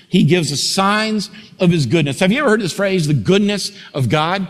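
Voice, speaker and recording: A male pastor delivering a sermon, swinging from loud, rising climaxes down to quiet, low passages. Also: lively intonation, normal speed. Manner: preaching that builds to loud, rising climaxes then drops low. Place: large church sanctuary. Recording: long hall reverb.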